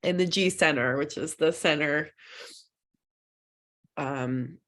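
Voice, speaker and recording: A woman facilitating a group session, responding in a soft and appreciative way. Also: low-pitched, slow pace. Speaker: workshop facilitator.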